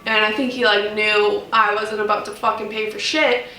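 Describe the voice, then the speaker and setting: A woman's voice: medium pitch, normal speed, far from the mic. A woman vlogger telling a story as a rant, swearing freely and acting out her own comebacks. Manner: profane, animated, acting out her own retorts. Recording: roomy room, off-mic, faint music.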